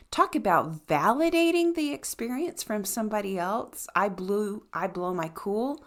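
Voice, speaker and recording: A middle-aged woman co-hosting a mentoring podcast, emphatic and quick to laugh in casual talk. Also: medium pitch, expressive. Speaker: podcast co-host.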